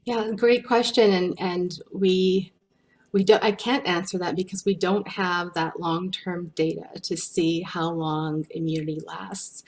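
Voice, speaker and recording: A woman's voice: lowish voice, fairly even intonation, a little slow. A woman speaking as a research guest in a webinar, answering questions with frequent fillers and restarts. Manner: hesitant, many restarts and fillers.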